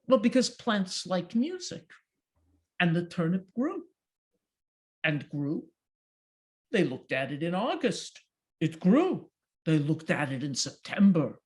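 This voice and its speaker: A woman's voice: fairly low pitch, sing-song, slow, pauses often. A woman storyteller performing a folk tale, animating it with character voices and straining sounds.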